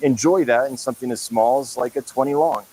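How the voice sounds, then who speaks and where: A man's voice: mid-range voice, fairly quick, over a noisy crowd, low-quality recording. A man eagerly describing aquarium fish to viewers as a store presenter. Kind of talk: enthusiastic product talk.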